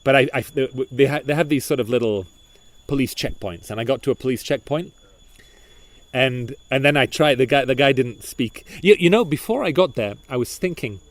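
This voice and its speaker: A man co-hosting a podcast, telling a story in casual chat, animated and full of restarts and repeated words. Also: mid-range voice, moderate pace, dry recording. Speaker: podcast co-host.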